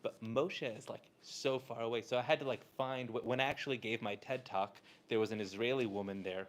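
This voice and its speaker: A man's voice: medium pitch, fairly even intonation, brisk. A man from Southern California, a Torah teacher telling a casual, chatty story to a live audience, full of "like" and "uh".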